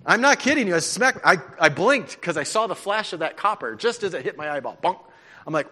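A man preaching a sermon, telling stories in an animated, conversational way. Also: high-pitched, fairly quick. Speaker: pastor. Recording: long hall reverb.

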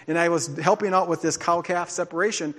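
A man's voice: a little high, fairly quick, fairly bright tone. A man preaching a sermon as a pastor, telling his own testimony in an earnest, confessional way. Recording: long hall reverb.

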